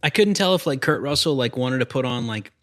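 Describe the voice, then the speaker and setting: Podcast dude with a bright edgy voice, opinionated, says like a lot. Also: male voice, mid-range voice, animated. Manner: opinionated, lots of "like", quick jokes. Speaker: podcast co-host. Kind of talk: casual chat.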